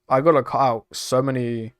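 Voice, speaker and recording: A man's voice: mid-range voice, fairly even intonation, moderate pace, no room sound, studio quality. A young British man chatting casually on a live stream, laughing often and swearing freely as he reacts to chat. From United Kingdom. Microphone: desk microphone.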